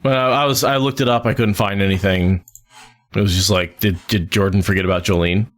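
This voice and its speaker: A young adult man co-hosting a casual book discussion podcast, and his voice sits somewhat low. He keeps joking and riffing, breaking into goofy sung noises and mock voices along the way. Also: fairly even intonation, fairly quick. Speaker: podcast co-host.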